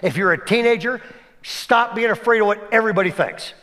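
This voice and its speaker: A male pastor giving a conversational sermon, swinging between emphatic and hushed delivery and often checking in with his listeners. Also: high voice, fairly quick. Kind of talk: sermon storytelling.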